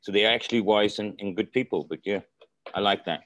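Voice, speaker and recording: A man's voice: on the low side, fairly bright tone, no room sound, low-quality recording. Dutch-accented man on a call. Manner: halting, many restarts, reads aloud slowly. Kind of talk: casual group video-call chat. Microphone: video call.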